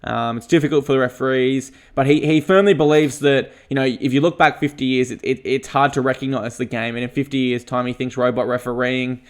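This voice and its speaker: A man's voice: medium pitch, fairly even intonation. A man co-hosting a podcast, earnestly leading topics and posing questions in casual chat. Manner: earnest, measured, leads the segments. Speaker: podcast co-host.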